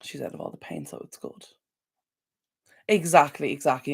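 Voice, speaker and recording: Irish woman, low voice, chatty live-stream host, rambling and sympathetic to viewers. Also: big pitch swings, moderate pace, creaky, a little mellow, breathy edge. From Ireland. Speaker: decluttering channel host. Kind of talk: casual live-stream chat.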